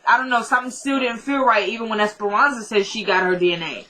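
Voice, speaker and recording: A woman's voice: on the high side, fast talker, bright, forceful tone, low-quality recording. A woman vlogger chatting to her viewers as she retells the scenes of a TV drama and acts out the characters' lines. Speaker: vlogger recapping a TV drama episode. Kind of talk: casual chat retelling scenes.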